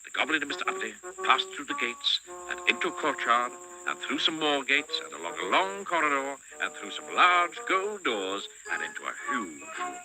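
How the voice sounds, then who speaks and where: A man narrating a children's storybook with a highly expressive, swooping delivery. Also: normal speed, few pauses, music in the background, poor audio. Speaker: audiobook narrator.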